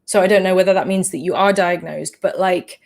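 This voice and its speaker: English woman on a livestream, lowish voice, lots of ums and restarts, apologizing a lot. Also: steady tone, fairly quick, vocal fry, a little mellow. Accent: English, shifted by living in the Netherlands. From England. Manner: hesitant, many fillers and restarts, apologetic. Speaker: livestream host. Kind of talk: casual livestream Q&A.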